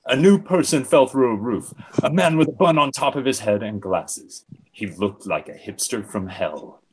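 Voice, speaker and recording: A man's voice: medium pitch, normal speed, husky. A man giving a comedic dramatic reading of fan fiction, breaking into giggles. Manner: expressive, giggling.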